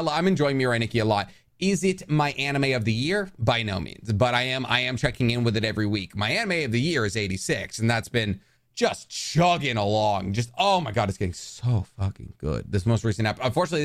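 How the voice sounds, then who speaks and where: A man co-hosting a podcast in casual chat, ranting with animated swearing. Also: medium pitch. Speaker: podcast co-host.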